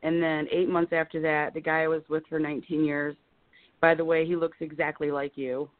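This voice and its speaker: A woman's voice: low-pitched, flat delivery, a little fast, no room sound. A woman in her fifties calling in to a live show, talking in emotional, rambling bursts and holding back tears. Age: 50s. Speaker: caller. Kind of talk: caller on a live call-in show. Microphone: telephone. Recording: tinny phone line.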